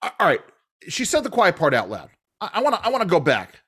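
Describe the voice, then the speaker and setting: A man hosting a political talk show, speaking in a halting way with many restarts and fillers. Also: high-pitched, wildly swooping pitch, fairly bright tone, husky. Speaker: radio talk show host.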